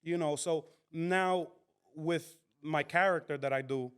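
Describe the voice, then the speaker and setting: A man with a Dominican accent, speaking lively and animated in a casual podcast chat and mixing English with Spanish. His voice sits a little high for a man and is smooth and resonant. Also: unhurried. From Dominican Republic. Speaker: comedian guest.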